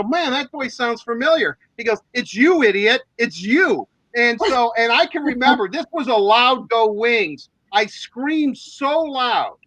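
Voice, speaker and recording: A man's voice: very high voice, dry recording, poor audio. A man, hosting a sports talk show, telling rambling stories in casual chat full of fillers. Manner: animated, rambling storyteller with many fillers. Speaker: sports radio host.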